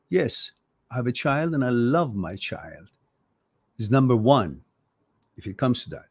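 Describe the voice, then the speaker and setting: A man's voice: medium pitch, very animated, unhurried, pauses often, breathy edge. A man hosting an advice talk show, speaking bluntly and passionately, swearing when riled and acting out both sides of conversations. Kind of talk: livestream advice talk reading viewer comments.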